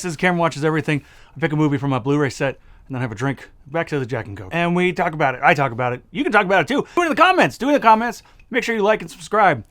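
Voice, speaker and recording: A young man hosting a casual, jokey movie review who acts out characters in quick asides. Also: high-pitched, fairly bright tone.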